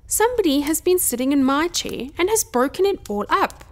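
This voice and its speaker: A woman doing a tiny squeaky baby bear. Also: animated, brisk. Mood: upset. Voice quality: thin, squeaky.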